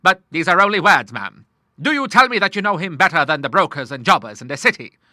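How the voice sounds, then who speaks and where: A bluff old naval admiral, hearty and courteous, peppering his talk with sea phrases, as a male audiobook reader plays him. His voice is bright and lively, a touch higher than plain speech. It is recorded close and dry. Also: fast talker, dry recording, exaggerated voice. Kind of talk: audiobook character voice.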